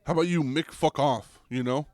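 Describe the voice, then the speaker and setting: A young man hosting a podcast, ranting comedically with lots of swearing and restarts, getting louder and higher when worked up. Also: normal speed, dry recording. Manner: rambling, profane, restarts, goes loud and high when riled. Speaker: podcast host. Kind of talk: comedic rant.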